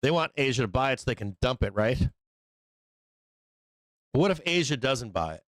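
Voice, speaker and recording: A man's voice: medium pitch, animated, a bit bright, no echo. Profane, casual trading-show host man. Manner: profane, casual, acts out traders in quick asides. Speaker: stock market show host. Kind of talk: live trading explanation.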